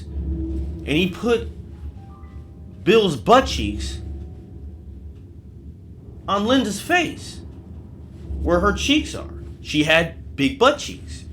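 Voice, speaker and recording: A man telling a crude comic ghost story in a lively voice that swings up and down in pitch, voicing each character as he goes. His talk runs at a fairly high pitch, with music playing under him. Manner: animated, profane, acts out every character. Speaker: storyteller host.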